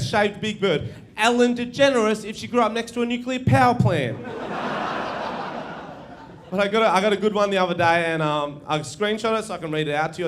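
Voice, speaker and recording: A young Australian man performing stand-up comedy on stage, animated and swearing, often laughing at his own stories. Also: high-pitched, slight background noise. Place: theatre stage with live audience.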